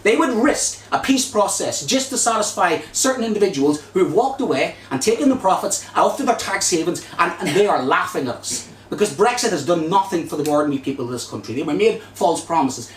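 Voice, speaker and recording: Northern Irish man, slightly high voice, heated hustings speech in an echoey hall. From Northern Ireland. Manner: forceful, indignant, rhetorical. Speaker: Green Party candidate at a hustings. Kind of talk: impassioned public debate speech. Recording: echoey hall, distant mic, faint noise.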